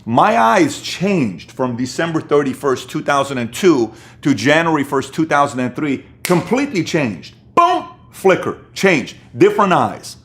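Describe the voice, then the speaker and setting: A middle-aged man telling a personal story as a motivational speaker, moving between hushed moments and punchy bursts. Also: a little high, lively intonation, a little slow, hardly any pauses.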